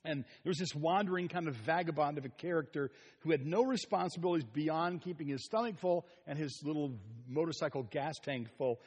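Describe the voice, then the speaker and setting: A middle-aged man preaching a sermon, telling stories with asides and soft chuckles. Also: on the high side, fairly quick, few pauses, slightly rough. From Ohio. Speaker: pastor. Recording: long reverb of a large hall.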